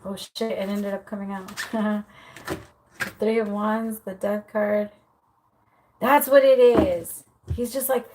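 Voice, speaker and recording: A woman's voice: medium pitch, slow, a little hiss or hum, rough recording. A woman doing a casual live tarot reading, talking loosely with lots of fillers and acting out what the man thinks. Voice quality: lively, voices the client's partner with swearing. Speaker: tarot reader.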